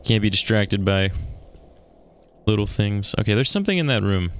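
Here a gaming YouTuber with a smooth, lowish voice talks at normal speed, animated as he plays a horror game. He startles easily, swears, and keeps up a running conversation with himself.

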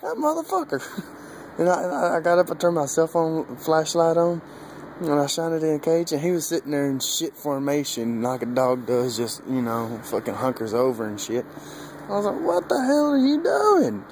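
A young man vlogging outdoors with a handheld camera, rambling and cursing, laughing often and getting animated as he retells a story. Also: on the high side, normal speed. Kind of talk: casual rambling vlog. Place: outdoors by a dog cage. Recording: noisy outdoor ambience.

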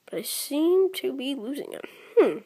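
A young woman playing a mobile game, counting her moves out loud and grumbling as she loses. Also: sits high, very animated, moderate pace. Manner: counting moves aloud, mildly frustrated. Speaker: gaming channel creator. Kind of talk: casual gameplay commentary.

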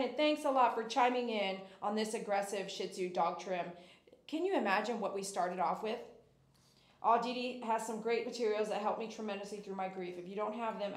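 Woman groomer in an echoey room. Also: mid-range voice. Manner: coaxing, sing-song baby talk to the dog; cheery, loud sign-off reading viewer comments. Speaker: dog groomer and live streamer. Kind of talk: soft talk to a dog while grooming, then upbeat chat with live viewers.

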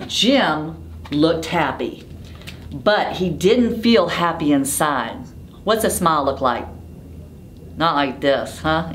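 A woman reads a picture book aloud to young children, stopping often to ask them questions. She talks slowly with a lively, sing-song rise and fall. Faint noise sits behind her voice. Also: mid-range voice, reverberant. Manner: interactive, asks children questions. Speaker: storytime reader.

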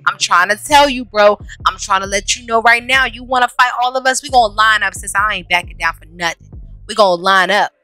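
A woman voicing a tough woman fighter in a game, warning a rival in slow, steady slang. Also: mid-range voice, faint music behind, natural voice. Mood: menacing.

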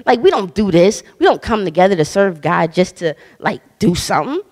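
A woman minister preaching in a loose, conversational way, bold and emphatic, dropping slang and laughing between points. Her voice sits at an ordinary middle pitch. It rings out with a long church-hall reverb. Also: very animated, fairly quick, darkish tone. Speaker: guest minister. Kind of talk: casual conversational sermon.

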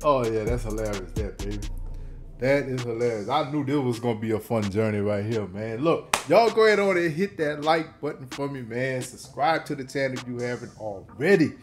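A man's voice: medium pitch, lively intonation, brisk, over music. A man hosting a reaction video, talking in laid-back slang and laughing often. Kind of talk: casual reaction commentary.

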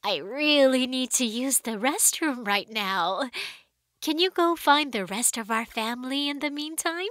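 A woman voicing a loving mother shark in a cartoon, talking in a sweet, gentle, expressive way. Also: sits high, a little slow, no room sound. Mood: relieved. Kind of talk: cartoon voice acting. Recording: dry studio sound.

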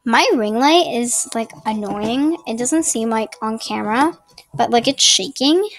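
A gaming channel host, a woman with a slightly high, slightly slow voice, gives casual gameplay tips in a rambling, chatty way with apologetic asides. It's a casual tutorial commentary recorded on her laptop's built-in mic at a home desk lit by a ring light.

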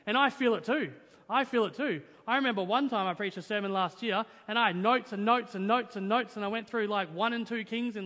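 A young man preaches in a notably high voice, earnest and emphatic, tossing in "right?" to keep the congregation with him. His voice rings through a church hall with a long, lingering reverb. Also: pushed and bright. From Australia. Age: young adult. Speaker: pastor. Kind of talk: sermon.

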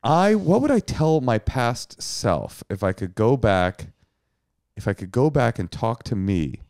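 A man's voice: medium pitch, big pitch swings, measured pace, darkish tone, clear, resonant tone, dry recording. Wry teasing male podcast host. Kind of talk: casual podcast chat.

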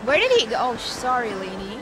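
Casting: high, animated woman streamer, excitable, over loud game street noise. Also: a little fast. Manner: excitable, chatty, reacting aloud. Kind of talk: casual gameplay commentary.

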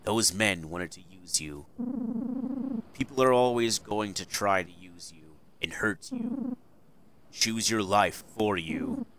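A man's voice: very animated, slow pace, full character voice. A man doing a weary, remorseful father figure. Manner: low, quiet and sorrowful.

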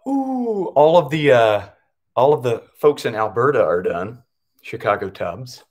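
A man's voice: medium pitch, very animated, unhurried. Upbeat man coaching a live PE class. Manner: upbeat, calls out names and counts reps. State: out of breath.

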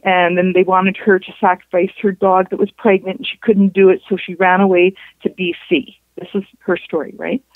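A woman, a guest on a show, recounting a personal story in a halting way, with restarts and reported dialogue. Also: lowish voice, level tone, no room sound. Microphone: telephone. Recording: tinny phone line.

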